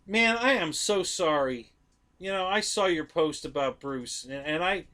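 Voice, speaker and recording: A man's voice: sits high, expressive, unhurried, sharp tone. A man hosting a live stream, chatting casually about model planes, rambling, correcting himself and talking straight to his viewers.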